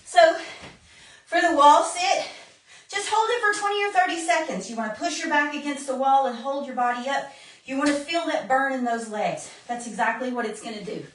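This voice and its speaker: A woman's voice: high-pitched, normal speed, a little hiss or hum. Breathless woman coaching a home workout. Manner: coaching while exercising, counting reps. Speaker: fitness instructor. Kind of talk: live workout demonstration. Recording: roomy, distant phone-camera sound.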